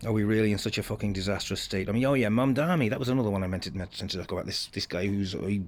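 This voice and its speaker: A British man with a fairly low voice rambles through an angry political monologue, swearing freely and sighing between thoughts. He talks outdoors beside a bonfire, filming himself on a handheld camera. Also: racing. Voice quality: blunt, profane, sighing. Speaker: political vlogger. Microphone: handheld phone camera.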